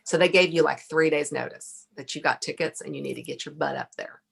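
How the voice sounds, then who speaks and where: A middle-aged woman, a podcast guest, telling a lively story, laughing often and acting out what people said. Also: low-pitched, brisk, vocal fry, breathy edge. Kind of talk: casual storytelling interview.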